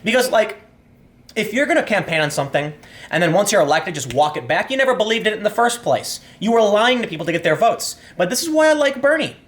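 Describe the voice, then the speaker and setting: A man's voice: high-pitched, very animated, quick pace, a bit bright. A man giving casual political commentary, ranting and sarcastic, often stumbling and repeating words as he talks.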